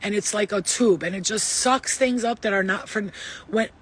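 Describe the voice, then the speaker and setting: A woman giving a casual spiritual reading, rambling and emphatic, blunt and sometimes swearing, moving between loud urging and soft asides. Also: medium pitch, moderate pace, breathy edge. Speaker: spiritual reader. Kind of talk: casual channelled tarot-style reading.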